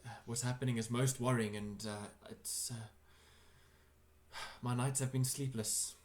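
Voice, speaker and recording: A man's voice: mid-range voice, steady tone, moderate pace, natural voice. A man voicing a worried, sleepless townsperson with an English accent, hesitant and sighing as he speaks. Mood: troubled. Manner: hesitant, sighing, soft-spoken.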